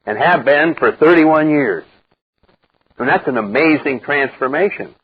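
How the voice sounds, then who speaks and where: An older man speaking to a live recovery group, blunt and wry, acting out the voices he quotes in a lively way. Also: fairly high pitch, measured pace, slightly rough, no room sound. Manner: animated storyteller who acts out quoted voices, wry and blunt. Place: meeting room with a live group. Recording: dull lo-fi 1990s cassette recording.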